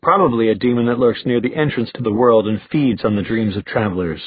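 A man reading a vain, wry male warlock with a dry, low, languid delivery, in a tinny recording. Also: fairly quick, slightly rough, natural voice.

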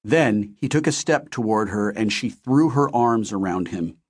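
A man reading a first-person novel aloud in a steady, measured storytelling manner. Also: on the low side, husky. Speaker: audiobook narrator.

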